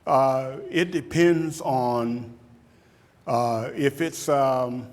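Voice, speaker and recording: A man in his fifties, a football coach, giving a motivational talk and taking questions, animated and repeating words for emphasis. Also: mid-range voice, extremely slow. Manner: animated, acts out shouted quotes, laughs often. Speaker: football coach speaking at a camp.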